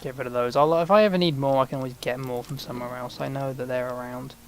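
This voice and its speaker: A man's voice: mid-range voice, fairly even intonation, fast, a little hiss or hum. Rambling man narrating his gameplay. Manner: rambling, self-mocking asides. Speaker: gaming channel host. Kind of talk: casual let's-play commentary.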